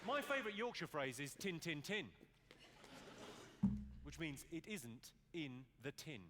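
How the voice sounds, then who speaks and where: A man's voice: a little high, very animated, moderate pace. A male stand-up comedian working the crowd in a live arena. He talks dry and cutting, swears freely and mimics regional accents. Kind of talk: stand-up set with crowd work. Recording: loud audience noise from a stage recording.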